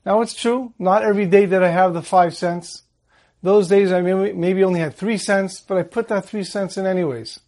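High-voiced man giving a Torah talk. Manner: calm storytelling, slows on Hebrew verses. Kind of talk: holiday Torah talk with a story.

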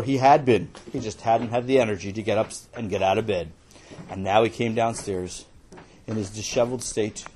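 A man telling a children's story in an animated, playful way, with casual asides. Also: mid-range voice, slight background noise.

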